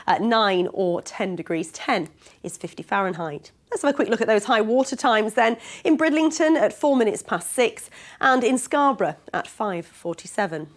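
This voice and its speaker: A woman presenting the regional TV weather forecast in a brisk, friendly manner. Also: mid-range voice. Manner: brisk, friendly, lightly hesitant.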